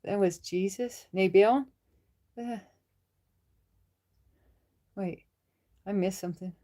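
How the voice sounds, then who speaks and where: A woman's voice: medium pitch, takes it slowly, warm tone. A woman hosting a casual livestream, chatting with viewers, reading their comments and laughing often. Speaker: livestream host.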